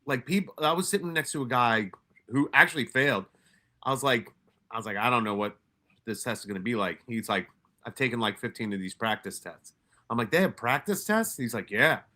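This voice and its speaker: A man's voice: mid-range voice, expressive, a little fast, sharp tone. A man from New York telling stories in a casual, profane way, with many restarts and quoted asides. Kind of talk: casual storytelling.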